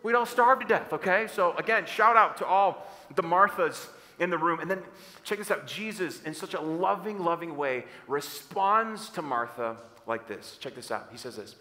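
A man preaches with energy, asking the congregation to repeat lines back to him. His voice is bright and a little high. It carries a long reverb from the church hall. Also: expressive, normal speed. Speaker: pastor. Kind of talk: sermon.

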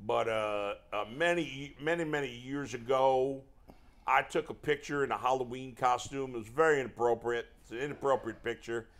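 A man's voice: mid-range voice, normal speed, a bit bright, close to an everyday voice. A man playing a rambling old male baseball manager with a put-on Southern accent in a comedic impression. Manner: rambling, chuckling confessions. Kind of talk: comedic role-play impression.

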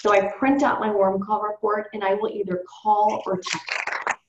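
A woman's voice: mid-range voice, little pitch movement, normal speed, noisy background. A woman leading a sales team training call, coaching in an upbeat, chatty way and addressing the group directly. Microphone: call or webinar. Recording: roomy, dull conference call audio.

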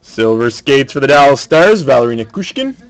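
A man's voice: mid-range voice, big pitch swings. Man calling out hockey card pulls. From Canada. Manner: brisk, matter-of-fact announcing. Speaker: card break host.

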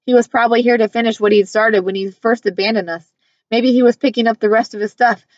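A woman's voice: on the high side, steady tone, a little mellow, no echo. Woman narrating a novel, dry and muffled. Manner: measured, earnest storytelling. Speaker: audiobook reader. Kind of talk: first-person novel narration.

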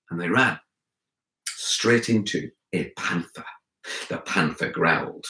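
Animated male storyteller for kids, low and forceful, echoey room. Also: a little slow. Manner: animated, expressive, speaks to listeners directly. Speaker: children's author and storyteller. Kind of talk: storytelling for children.

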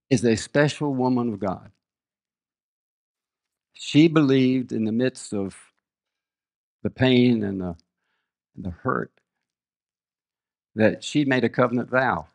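A man's voice: medium pitch, creaky. An older man preaching a sermon, reading scripture aloud and telling earnest stories about his own family. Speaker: guest preacher. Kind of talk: sermon with personal storytelling.

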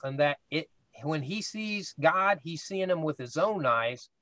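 Higher-voiced man teaching a Bible class. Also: a bit bright, no echo. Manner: conversational, explains step by step, asks "right?".

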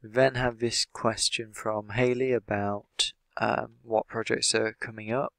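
A man with an English accent, an English teacher explaining the language of an interview in a measured way, with many "sort of" fillers. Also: on the low side, little pitch movement, fairly bright tone, dry recording. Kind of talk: explanatory lesson analysing an interview.

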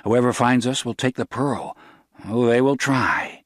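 A man voicing a tense young Mexican pearl diver in an audiobook reading, with grave, measured speech. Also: medium pitch, a bit bright, no echo, studio quality, lightly acted.

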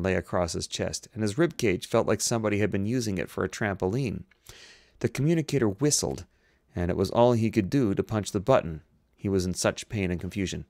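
A man reads a science-fiction novel aloud in a steady, even narration. His voice sits low. The sound is dry and close, with no room echo. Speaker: audiobook reader.

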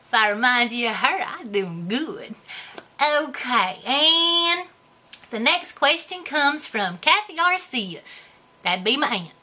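A woman's voice: sits high, sing-song, slow, pushed and bright, full character voice. A woman doing a goofy drawling gal. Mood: playful. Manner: rambling, self-mocking, folksy grammar. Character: goofy, boastful rural hillbilly woman. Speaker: vlogger answering viewer questions. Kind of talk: comedic character vlog.

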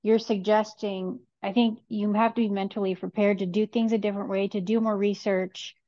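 A woman calls in with a question, thinking aloud with hesitant fillers. Her voice sits at an ordinary pitch, and the audio sounds a little dull and muffled. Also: flat delivery, moderate pace, mellow. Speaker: caller asking a question. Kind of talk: casual question and discussion.

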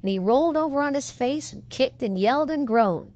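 A woman's voice: sits high, animated, a little fast, a little mellow, lo-fi sound. A woman reading an audiobook, voicing a folksy male cowboy telling a tall tale in a drawling frontier dialect. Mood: yarn-spinning. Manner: drawling frontier dialect, leisurely yarn-spinning. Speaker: audiobook reader. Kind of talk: audiobook reading of a western yarn.

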